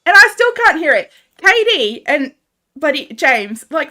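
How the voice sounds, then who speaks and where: Australian woman, game streamer, laughs easily, bright forceful tone, casual banter. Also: high-pitched, very animated, a little slow. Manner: chatty, laughs often, banters and swears while playing. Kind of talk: casual live-stream chat with viewers. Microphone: desk microphone.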